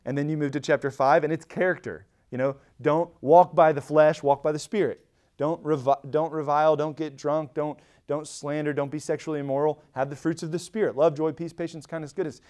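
A man teaching a church Bible study in a conversational way, animated, often restarting phrases and acting out quoted lines with rising emphasis. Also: fairly high pitch, brisk.

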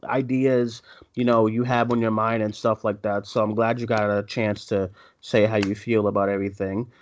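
A man's voice: fairly low pitch, flat delivery, moderate pace, dry recording. A man co-hosting a live film podcast, chatting casually and rambling with many fillers and restarts. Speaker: podcast co-host. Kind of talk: casual live-show chat. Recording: dry, dull lo-fi sound.

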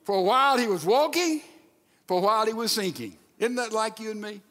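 A high-voiced male pastor delivers an animated sermon a little fast, acting out quoted lines and at times dropping to a hush. A long reverb from the large church sanctuary trails his voice.

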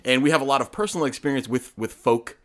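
A man's voice: medium pitch, fast, fairly bright tone. A man co-hosting a casual podcast, rambling through asides and restarts and teasing his co-host.

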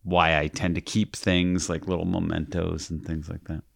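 Man, 30s, podcast co-host, very low voice, self-deprecating humor. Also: flat delivery, normal speed, vocal fry, dry recording, studio quality. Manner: laid-back, wry, self-deprecating. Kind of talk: casual chat.

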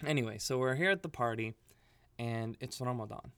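A man co-hosting a podcast, telling a story in a casual, animated way with lots of "like" fillers. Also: mid-range voice, brisk, smooth, dry recording. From Libya. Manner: filler-heavy, animated, laughing while telling stories. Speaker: podcast co-host.

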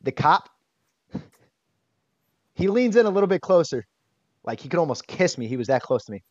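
A man being interviewed, telling a personal story in a candid, animated way and swearing casually. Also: a little high, normal speed, dry recording. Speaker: interview guest. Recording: dull, dry sound.

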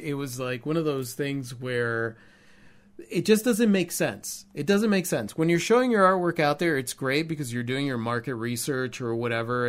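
Male artist co-host, mid-pitched, casual and outspoken storyteller. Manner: candid, animated storytelling with swearing. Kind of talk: casual podcast chat.

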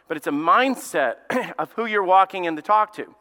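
Telling stories in a casual sermon full of fillers and restarts, this lead pastor from Alabama speaks with a Southern accent. His voice sits high, sounding pushed and bright with lively intonation at a normal speed, and a long reverb tail follows.

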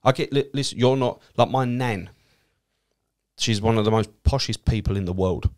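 At a moderate pace and in a lowish voice, the Essex cabbie and comic shares anecdotes over casual chat. Expect free swearing and lively impressions of whoever he's quoting.

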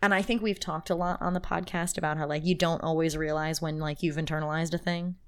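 A woman co-hosting a podcast in casual chat, emotional and halting, laughing through her feelings. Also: low voice, little pitch movement, clean tone. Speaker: podcast co-host.

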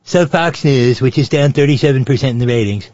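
A man's voice: medium pitch, fairly quick, a little mellow, no room sound, close to an everyday voice. A man reading out the posts of a boastful male politician in a bragging, rambling put-on voice. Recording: dry, dull lo-fi sound.

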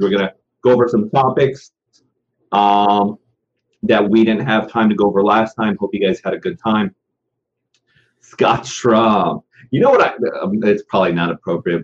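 A man hosting a live online session in casual chat, loose and rambling with lots of fillers. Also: mid-range voice. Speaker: live show host. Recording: slightly muffled, faintly noisy call audio.

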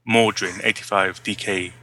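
A man's voice: lowish voice, steady tone, moderate pace, pushed and bright, a little hiss or hum. A man co-hosting a casual gaming podcast, reading emails and trading playful, teasing banter. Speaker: podcast co-host. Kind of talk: casual chat.

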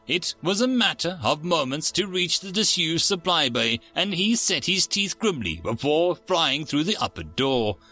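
A man narrating a science fiction story as the host of his channel, with a steady storytelling manner. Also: fairly high pitch.

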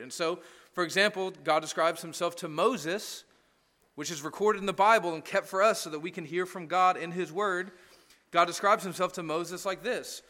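A man's voice: sits high, moderate pace, bright, forceful tone, big-room sound. A man preaching a sermon as pastor, talking conversationally and tossing in frequent "right?" asides. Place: church.

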